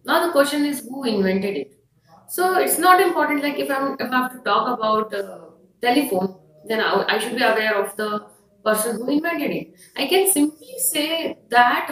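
Indian english woman teaching, firm and matter of fact, lots of uhs, bit high, roomy echo. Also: lively intonation, normal speed, recorded from a distance, crowd noise. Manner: firm, instructive, with frequent fillers. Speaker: IELTS teacher. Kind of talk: explanatory lesson to camera.

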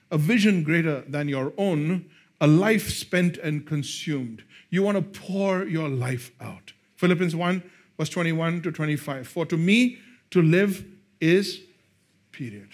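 A male pastor preaching a sermon, swinging between hushed, slow lines and loud, excited bursts. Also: a little high.

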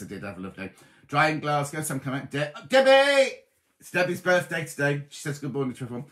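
A middle-aged man chats on a live stream, reading viewers' comments aloud and greeting each of them by name. His pitch rises and falls a lot. The tone is casual and friendly. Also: fairly bright tone.

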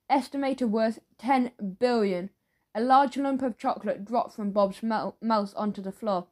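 A woman narrating a children's audiobook in a steady storytelling manner. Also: a little high, a little slow.

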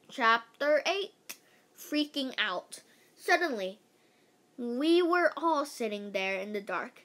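Lady reading a kids chapter book out loud, high voice, slow, trips over words sometimes. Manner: lively, with slips and restarts. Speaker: read-aloud host.

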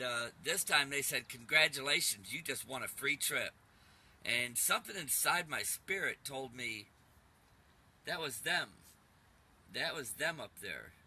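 A man's voice: medium pitch, sharp tone, a little hiss or hum. A middle-aged man giving a rambling personal testimony as a YouTube preacher, earnest and urgent, often calling his listeners "man".

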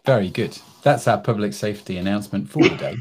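A man's voice: lowish voice, quick pace, a little hiss or hum. A man hosting a company livestream, chatty and self-deprecating, with many fillers as he welcomes viewers and reads out questions. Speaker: livestream host. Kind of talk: casual livestream chat.

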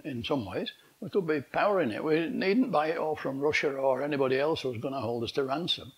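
A man's voice: fairly high pitch, fairly quick, rough recording. A man, giving a rambling conference talk full of exasperated rhetorical questions. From England. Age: 80s. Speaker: conference speaker. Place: conference hall.

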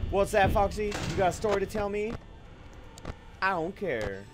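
A young man playing a horror game and commenting, excitable, swearing at it, yelping and trash-talking. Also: high voice, moderate pace. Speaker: gaming YouTuber. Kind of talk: let's play commentary. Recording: game music loud behind voice. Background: game music.

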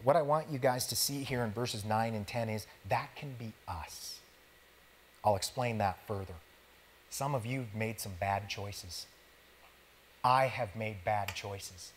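A man's voice: lowish voice, a little slow, a little hiss or hum. A male pastor preaching in an easygoing, conversational way, talking directly to his congregation with slangy everyday words. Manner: casual, conversational preaching that talks straight to the congregation. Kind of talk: sermon.

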